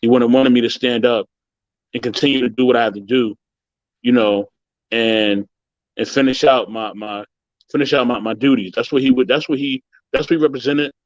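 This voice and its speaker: A man on a video call earnestly recounting a hurtful experience, emotional and halting, often saying "you know". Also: medium pitch, fairly even intonation, no room sound, muffled recording. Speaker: guest sharing a story. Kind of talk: personal story on a video call.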